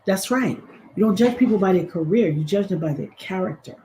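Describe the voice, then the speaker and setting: A woman's voice: mid-range voice, expressive, fairly quick, dark tone, a little hiss or hum, low-quality recording. A woman hosting a livestream. She talks emphatically and preaches, with sassy asides. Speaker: commentary host. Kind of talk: animated livestream commentary.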